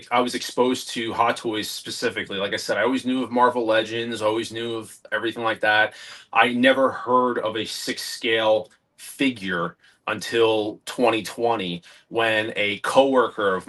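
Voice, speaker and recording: A man's voice: fairly low pitch, steady tone, unhurried, a bit bright. A man in his thirties, a guest collector in a casual interview, telling stories animatedly and acting out the dialogue he quotes.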